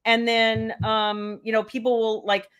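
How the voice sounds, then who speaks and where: A woman's voice: fairly high pitch, monotone, a little slow, a bit bright, smooth. Chatty woman hosting a live stream. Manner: chatty, rambling, answers viewer comments by name. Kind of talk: casual live-stream chat.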